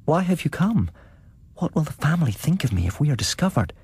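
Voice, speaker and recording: A sweet young woman speaks up high and coaxing in this spoken storybook, voiced by a male reader. Her husky edge stays, and the sound is close and dry. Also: very animated, a little fast, darkish tone, dry recording, full character voice. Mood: alarmed.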